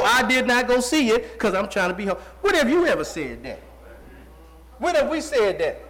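Man, forties, very high voice, pastor preaching, folksy, call-and-response questions. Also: fairly bright tone. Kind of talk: sermon.

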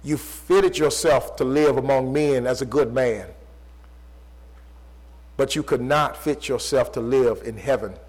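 A man preaching a sermon, repeating rhetorical questions, swinging between loud emphatic pleas and low, quiet passages. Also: low-quality recording.

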